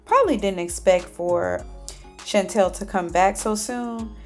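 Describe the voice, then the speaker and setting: A woman recaps a TV drama in a chatty, casual way, tossing in sassy asides as she goes. Her voice sits at an ordinary middle pitch. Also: unhurried, soft background music. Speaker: TV show reviewer.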